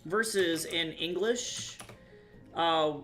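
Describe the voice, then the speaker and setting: Young adult streamer, casual live chat, rambling, casual swearing, middle pitch, faint music behind. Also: very slow, fairly bright tone.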